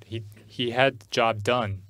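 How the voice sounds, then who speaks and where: Halting pastor telling a story. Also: male voice, medium pitch, fairly even intonation, fairly bright tone. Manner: halting, repeats and restarts words while telling a personal story. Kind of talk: sermon storytelling. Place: church service.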